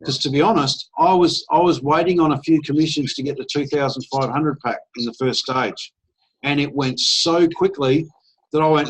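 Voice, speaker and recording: A man giving a persuasive pitch on a video call, slightly higher-voiced than most men. He sounds enthusiastic and chatty, and he slips into short acted-out phone conversations. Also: fairly even intonation, normal speed, rough recording. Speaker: presenter at an online business opportunity meeting.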